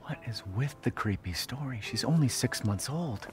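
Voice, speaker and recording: An actor playing a cautious young father who gently reassures his baby daughter. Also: mid-range voice, expressive, moderate pace, natural voice. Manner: gentle, reassuring, slightly defensive. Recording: music in the background.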